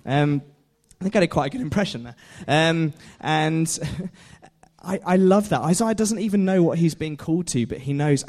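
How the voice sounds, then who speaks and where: A man's voice: on the high side, moderate pace, a little mellow. A young man preaching a casual sermon, chatty, laughing often and putting questions to his listeners. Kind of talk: informal sermon.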